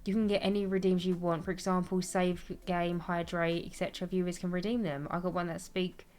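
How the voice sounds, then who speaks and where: This young streamer has a fairly low, level, slightly mellow voice and talks briskly. She games while chatting casually and reading messages from chat, rambling chattily, mocking herself, and laughing a lot.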